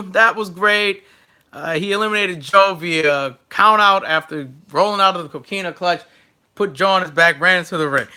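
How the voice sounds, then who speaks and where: Bright, high-voiced excitable young man. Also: clean tone. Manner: excitable, chatty, jokey fan asides. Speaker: wrestling recap host. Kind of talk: casual solo recap.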